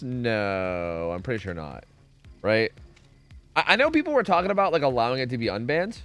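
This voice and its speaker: A young man streaming a game, talking casually and swearing often. His pitch swings widely from low mutters to high yelps, and faint music plays behind him. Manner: profane, rambling, reacts loudly to chat. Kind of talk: casual gaming stream chat.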